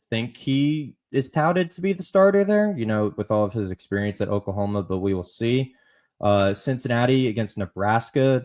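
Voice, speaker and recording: A man with a fairly low voice hosts a solo college football podcast. He talks in a loose, conversational way, circling back over his phrases, and leans in hard when he hypes up a player. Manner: conversational, repeats and restarts phrases, emphatic on praise. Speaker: podcast host.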